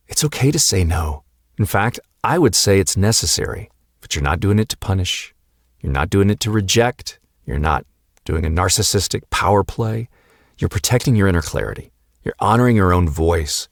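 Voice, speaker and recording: A man hosting a podcast for husbands, speaking in a calm, measured, earnest monologue that builds lists of short repeated phrases. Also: deep voice, no room sound, studio quality. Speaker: podcast host, coach for husbands.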